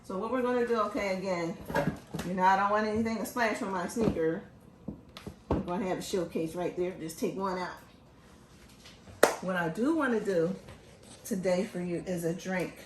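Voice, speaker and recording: A woman's voice: medium pitch, moderate pace, pauses often, background noise. Chatty woman hosting from an echoey room. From Philadelphia. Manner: animated, joking, chatty. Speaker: host. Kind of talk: casual chat.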